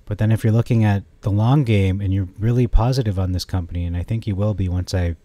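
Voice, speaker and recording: Low mellow man rambling about stock charts. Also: fast, no room sound. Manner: rambling, self-correcting, gets excited. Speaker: stock market commentator. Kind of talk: casual chart analysis monologue.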